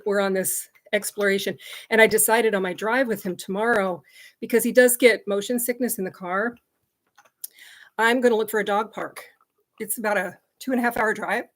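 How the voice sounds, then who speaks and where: A middle-aged woman hosting a casual livestream, chatty and laughing often as she talks to viewers and her dog. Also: mid-range voice. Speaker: livestream host.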